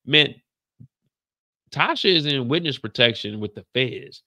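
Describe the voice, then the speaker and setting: With a medium-pitched voice and a measured pace, the young host of a casual reaction show goes over an episode. He's animated throughout, voicing the scenes as he acts them out.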